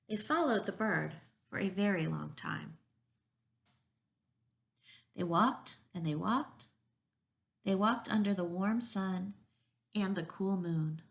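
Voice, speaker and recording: A woman reading a picture book aloud at a children's story time as a preschool teacher, gentle and encouraging. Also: medium pitch, slow, gravelly, pauses often.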